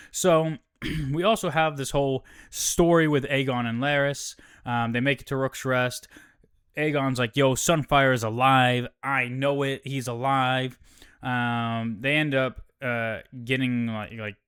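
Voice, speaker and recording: Dude doing a chill episode recap, smooth clean voice, lots of ums and cussing. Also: male voice, medium pitch, a bit bright. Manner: laid-back, profane, lots of fillers. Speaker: show recap host. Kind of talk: casual show recap.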